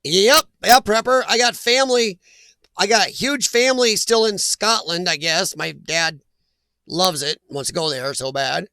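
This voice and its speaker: A man's voice: high voice, measured pace, bright, forceful tone, no echo. A man hosting a casual live chat, reading viewer names aloud and laughing often. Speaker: livestream host reading chat.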